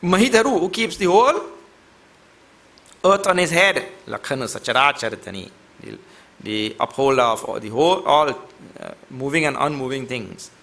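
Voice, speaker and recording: A man's voice: mid-range voice, big pitch swings, normal speed, gravelly, a bit bright. A man giving a devotional scripture lecture, chanting verses and explaining them with a playful, teasing manner toward his class.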